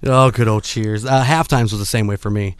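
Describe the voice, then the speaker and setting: A man who plays in bands, telling animated stories and laughing often in a casual chat. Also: on the low side, fairly quick. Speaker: musician guest.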